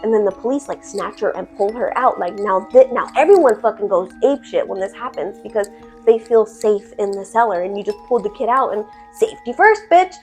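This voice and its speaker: A woman telling a horror story casually, animated and full of swearing and fillers. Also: mid-range voice, a little fast, faint music behind. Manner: profane, animated, filler-heavy.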